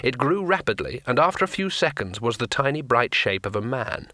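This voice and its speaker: A man's voice: mid-range voice, big pitch swings, a little fast, sharp tone, dry recording. A man narrating an audiobook in a dry, wry storytelling manner.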